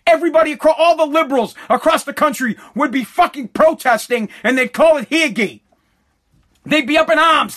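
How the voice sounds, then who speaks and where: A man's voice: very high-pitched, fairly bright tone. A man ranting about politics, heated and profane, talking to his viewers. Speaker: commentator.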